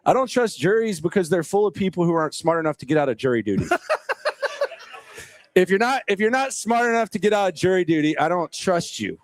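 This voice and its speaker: A man with a somewhat high voice, recorded dry and close, co-hosts a casual sports talk show. He jokes and teases, laughing often. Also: no room sound. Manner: joking, teasing, laughs often. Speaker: co-host. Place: live show at a restaurant.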